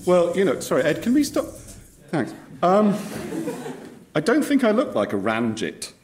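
Guy asking awkward questions, dry and hesitant, bouncy pitch. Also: wildly swooping pitch, normal speed, darkish tone. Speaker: comedy sketch performer. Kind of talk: radio sketch comedy.

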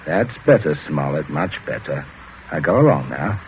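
A man's voice: rumbling low, animated, moderate pace. An actor playing a coldly polite, chuckling father holding a man at gunpoint, in a 1940s radio drama. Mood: menacing. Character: menacing, genteel middle-aged father with a gun. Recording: dull old radio broadcast with hiss.

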